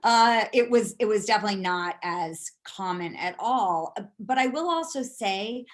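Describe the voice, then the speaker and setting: A woman's voice: mid-range voice, lively intonation, normal speed. A middle-aged woman from San Francisco, a board candidate, answering questions on a video call in a rambling way, with many fillers and restarts. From San Francisco, USA. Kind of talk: casual answers in a video meeting.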